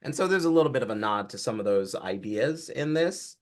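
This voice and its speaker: A film director from Georgia, a man, giving relaxed, explanatory interview answers about his career and work. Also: medium pitch, a little fast. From Atlanta, Georgia, US.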